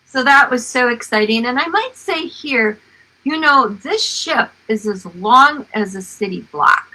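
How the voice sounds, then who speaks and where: Older lady reading her memoir out loud, slow and gravelly, bright edge, lots of expression. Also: mid-range voice, rough recording. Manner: slow, expressive storytelling with animated exclamations. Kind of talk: storytime reading and chat.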